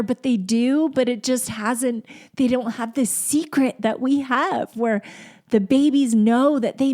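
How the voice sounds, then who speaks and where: A middle-aged woman hosting a solo podcast, talking in a gentle, heartfelt, reflective way. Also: on the high side. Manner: heartfelt, gentle, turns emotional and tearful. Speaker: podcast host.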